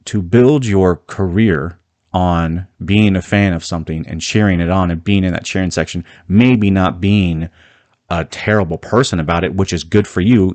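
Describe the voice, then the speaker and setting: Heated low-voiced man ranting. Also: darkish tone, no room sound. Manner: heated, emphatic, with frequent restarts. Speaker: video commentary host. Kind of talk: opinionated solo commentary.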